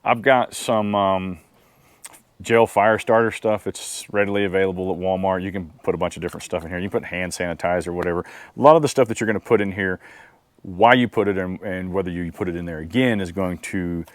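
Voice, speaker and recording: A man hosting a casual outdoor gear review, talking in a relaxed, rambling way with plenty of fillers. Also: deep voice, a little fast, no echo.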